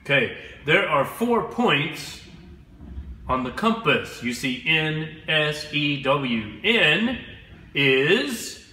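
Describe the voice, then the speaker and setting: A man teaching English to children, speaking slowly and clearly and having them repeat words after him. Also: on the high side, sing-song, bright, forceful tone, reverberant, a little hiss or hum. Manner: slow, clear, drills words for repetition. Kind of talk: slow classroom instruction.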